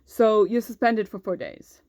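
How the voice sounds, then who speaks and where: A woman's voice: mid-range voice, big pitch swings, measured pace, darkish tone, no echo, studio quality. A young woman vlogger telling a personal story in a candid, casual way, swearing freely and saying "like" often.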